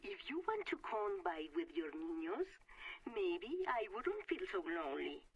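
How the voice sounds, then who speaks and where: Older grandmother figure, lonely and wistful, soft lilting delivery; muffled game audio. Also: on the low side, sing-song, measured pace, breathy edge, full character voice. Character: lonely elderly grandmother on the phone.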